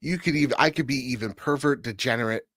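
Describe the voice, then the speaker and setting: A man's voice: medium pitch, quick pace, fairly bright tone, dry recording, clean studio sound. A man co-hosting a gaming podcast, jokey and rambling in casual chat. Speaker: podcast co-host.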